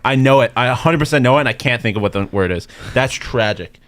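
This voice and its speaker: A man competing in a casual sports quiz, buzzing in quickly and joking about his own mistakes. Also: mid-range voice, expressive, no echo. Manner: self-mocking, quick to buzz in. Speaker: quiz contestant, show regular. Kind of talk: casual chat in a quiz game.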